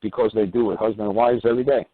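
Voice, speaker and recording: A man hosting a call-in radio show, talking in an animated, rambling way, acting out both sides of conversations and swearing now and then. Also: lowish voice, rapid-fire, breathy edge, no room sound. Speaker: radio talk show host. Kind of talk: call-in radio advice talk. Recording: tinny phone-line sound.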